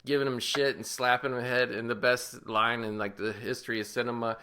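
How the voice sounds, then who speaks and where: A man's voice: mid-range voice, little pitch movement, fairly quick, sharp tone, clear, resonant tone. A man co-hosting a podcast, giving a profane, rambling movie recap and laughing often. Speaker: podcast co-host. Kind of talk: casual movie review chat.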